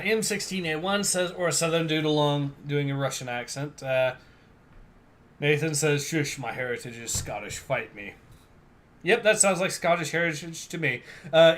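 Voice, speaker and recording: A young man hosts a casual livestream, reading viewer comments in a loose, unhurried way. His voice sits a little high, and fillers like "uh" come easily. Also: fairly bright tone. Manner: laid-back, reads viewer comments aloud with fillers and laughs. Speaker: livestream host.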